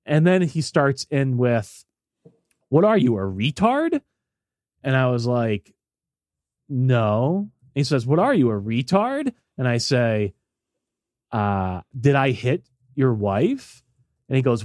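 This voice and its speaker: Animated man telling a story. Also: mid-range voice, takes it slowly, dry recording, studio quality. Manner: animated, acts out voices in quotes. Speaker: podcast co-host. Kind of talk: casual storytelling.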